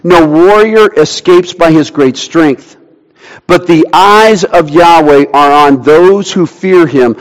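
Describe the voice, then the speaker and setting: An earnest male pastor preaches, his fairly high voice drawing out the scripture he quotes. The sound rings with the long reverb of a church hall. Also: slow. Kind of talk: sermon.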